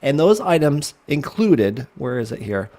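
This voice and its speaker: A man's voice: mid-range voice, sing-song, unhurried, warm tone. A middle-aged man co-hosting a casual show over a video call, blunt and sarcastic, swearing freely. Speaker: co-host. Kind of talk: casual banter.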